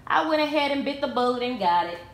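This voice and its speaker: This woman has a high voice and talks fast, chatting to the camera at home about her shopping haul and getting excited over bargains while calling viewers y'all. The room is reverberant, with slight background noise.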